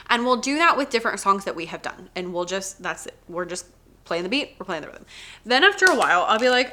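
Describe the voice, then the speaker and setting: A chatty woman explains how she teaches music. Her voice is bright, and her pitch leaps around a lot as she acts out her students in a sing-song way. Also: sing-song, fairly quick, a little hiss or hum. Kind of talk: casual teaching vlog.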